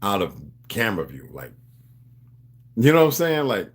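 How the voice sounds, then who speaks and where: A man's voice: lowish voice, wildly swooping pitch, moderate pace. A man hosting a livestream, talking in a loose, rambling monologue. He preaches to his viewers in street slang and calls them beloved. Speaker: livestream host.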